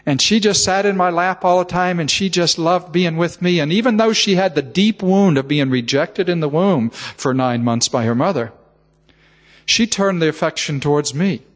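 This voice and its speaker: A man's voice: on the high side, moderate pace. An older man preaching a sermon, telling a heartfelt family story with emotion and repeated words. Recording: reverberant hall.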